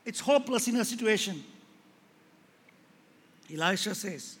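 A male pastor preaching a sermon to a church, swinging from quiet talk to loud impassioned calls and acting out the people in his stories. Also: high voice, expressive, a little slow, slightly rough. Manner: rises to loud impassioned preaching, acts out quoted voices. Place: large church hall. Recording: echoey hall with faint ambience.

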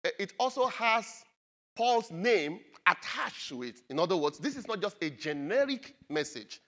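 A man with a high, bright-sounding voice preaches to his church. His pitch swings widely as he leans on key phrases and repeats them so the congregation can take them in. The delivery is an emphatic sermon from start to finish. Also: very animated, moderate pace. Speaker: pastor.

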